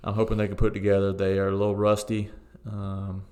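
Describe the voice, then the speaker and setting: A man co-hosting a football podcast, giving relaxed, opinionated match takes with frequent ums and uhs. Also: lowish voice, fast. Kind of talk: casual sports chat.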